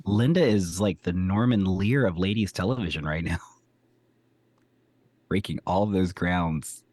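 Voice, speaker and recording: A man with a fairly low voice, co-hosting a podcast and trading wry, joking remarks while recapping a TV show. He sounds like he is in his thirties or older. The recording is dry and close. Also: takes it slowly, darkish tone, no echo. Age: 30s or older. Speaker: podcast co-host. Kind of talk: casual chat recapping a TV episode.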